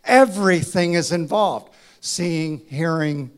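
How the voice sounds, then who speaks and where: A man preaching a sermon, acting out dialogue in a dramatic voice that drops to a hush and rises to a shout. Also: fairly high pitch, takes it slowly. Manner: dramatic, acts out voices, swings from hushed to shouting. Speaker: pastor.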